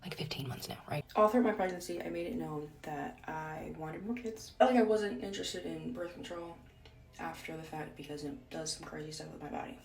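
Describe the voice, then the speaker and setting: A woman's voice: sits low, a little fast, gravelly, far from the mic. A woman in her twenties telling a personal story with indignation, acting out the people in it. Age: 20s.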